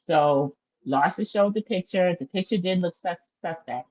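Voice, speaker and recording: A woman's voice: on the low side, moderate pace, lo-fi sound. A woman hosting a casual livestream recap of a reality show, chatty and opinionated, talking straight to her viewers.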